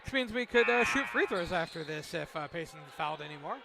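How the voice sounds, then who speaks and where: A man giving color commentary at a high school basketball game, with wry joking asides. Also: lively intonation, fast talker, vocal fry. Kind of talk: casual sports commentary. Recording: noisy gym broadcast. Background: gym ambience, basketball bouncing.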